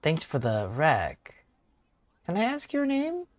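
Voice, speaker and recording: A man voicing a cheerful, eager young barista in a video game, speaking high and bright. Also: huge pitch swings, slow, no room sound, full character voice.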